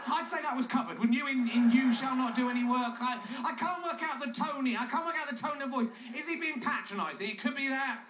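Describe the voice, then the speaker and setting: Sarcastic man with a very high voice. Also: fairly quick, few pauses, bright, forceful tone. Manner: sarcastic, mocking, nitpicking. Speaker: comedian. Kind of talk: comedic monologue. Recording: echoey room, distant mic, faint noise.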